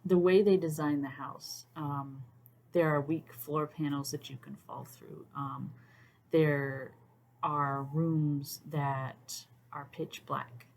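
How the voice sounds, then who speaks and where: A woman's voice: sits low, slight background noise. A woman hosting a casual talk to camera, thoughtful with many "um"s, sometimes dropping to a near-whisper. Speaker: YouTube host.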